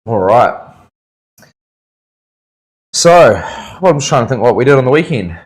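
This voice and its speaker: A man's voice: medium pitch, lively intonation, unhurried. A man, a tattoo artist chatting casually on a live stream, laid-back and joking, swearing freely. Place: tattoo studio.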